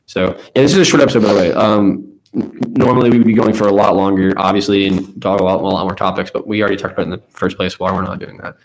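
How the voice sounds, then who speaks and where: A man's voice: deep voice, fairly even intonation, fast, slight background noise. A young man co-hosting a podcast in casual chat, blunt, crude and sarcastic. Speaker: podcast co-host. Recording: echoey room.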